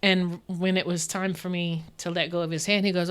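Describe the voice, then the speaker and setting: Bright, clear-voiced woman telling faith stories. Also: lowish voice, a little fast, hardly any pauses. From Dallas, Texas. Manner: animated, earnest, laughs often, many restarts. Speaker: guest. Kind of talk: candid interview storytelling.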